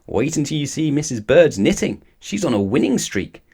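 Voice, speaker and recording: A man voicing a keen storybook boy, upbeat and encouraging. the pitch is raised over the reader's own and moves about brightly. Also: sing-song, moderate pace, husky, heavily acted.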